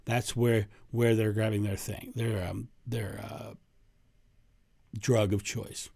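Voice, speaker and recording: A man's voice: fairly low pitch, level tone, slow pace, creaky, darkish tone, no room sound. Man, spiritual teacher, rambling casual talk, dry close sound, many restarts. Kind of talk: casual spoken talk to camera.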